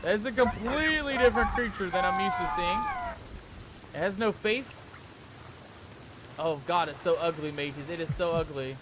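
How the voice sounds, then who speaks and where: A man's voice: high-pitched, moderate pace, pauses often, background noise. A man hosting a let's play, talking to viewers as "mateys" with pirate slang and breaking into panicky yelps when scared. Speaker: gaming channel host.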